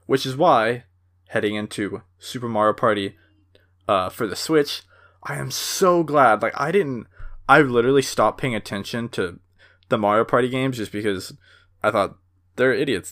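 A young man hosting a solo podcast, ranting in a heated, animated way with lots of fillers. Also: medium pitch, normal speed. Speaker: podcast host.

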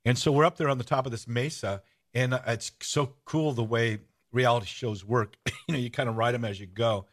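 A man hosting a podcast and telling a story with enthusiasm in casual chat. He rambles, restarts often and gets excited. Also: medium pitch, brisk. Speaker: host.

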